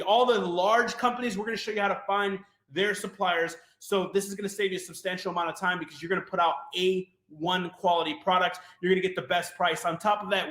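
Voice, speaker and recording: A man presenting a sales webinar, fast and hyped, often asking "right?" and talking to "you guys". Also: high voice, fairly bright tone, roomy sound.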